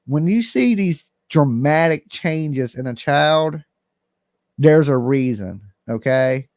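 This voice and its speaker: A man's voice: a little high, expressive, slow pace, darkish tone, no room sound, clean studio sound. A man hosting a live call-in commentary stream, talking bluntly and emphatically straight to his viewers. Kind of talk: casual livestream commentary.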